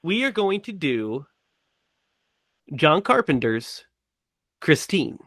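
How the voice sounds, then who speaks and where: A man co-hosting a podcast in casual chat, playful and quick to laugh. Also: a little high, no echo, clean studio sound. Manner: laughs often, lively and playful. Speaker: podcast co-host.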